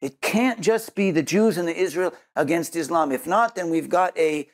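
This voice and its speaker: A man's voice: fairly high pitch, normal speed. Earnest man preaching a sermon. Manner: earnest, repeats words while searching for them. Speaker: Messianic Jewish teacher. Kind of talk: sermon with closing prayer.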